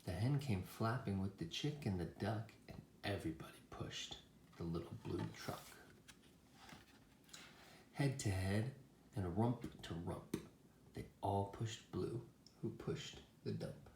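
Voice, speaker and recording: A man reading a children's picture book aloud in a slow, expressive, sing-song way, with animal sounds. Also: on the low side, creaky. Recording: echoey room with faint noise.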